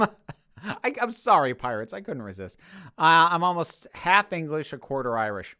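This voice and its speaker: A man's voice: a little high, big pitch swings, normal speed, pushed and bright. A man from the United States hosting a livestream, casually answering chat questions with rambling jokes and lots of fillers and restarts. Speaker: YouTube host answering chat.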